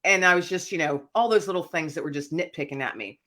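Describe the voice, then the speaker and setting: A woman author being interviewed, telling a personal story in an animated, emotional way. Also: deep voice, quick pace. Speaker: author and speaker, guest.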